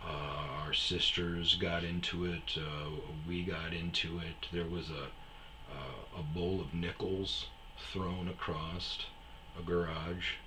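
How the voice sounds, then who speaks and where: A man's voice: low-pitched, slight background noise, low-quality recording. A tired man hosting a casual, rambling storytelling monologue, chuckling and acting out his friends' lines. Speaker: storyteller host.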